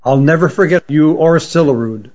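A man's voice: a little high, normal speed, darkish tone, natural voice. A male audiobook reader voicing an earnest, kind young woman traveler in his near-normal voice. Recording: dull lo-fi recording.

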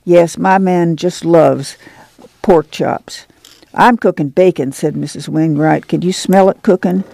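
Reader doing a chatty neighbor woman, rural drawl, gravelly, mellow. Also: mid-range voice, measured pace, no echo. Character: stout, nosy woman neighbor.

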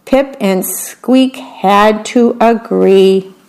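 A woman reading a children's picture book aloud, pausing to describe the pictures in a chatty aside. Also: mid-range voice, a little mellow, rough recording. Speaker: storybook reader.

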